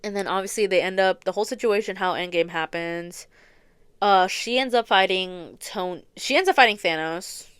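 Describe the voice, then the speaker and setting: A woman's voice: mid-range voice, moderate pace, a bit bright, clear, resonant tone, dry recording. A young woman hosting a podcast, retelling a story in a rambling, casual way, full of filler words and swearing. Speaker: podcast host. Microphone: close studio mic, audio only.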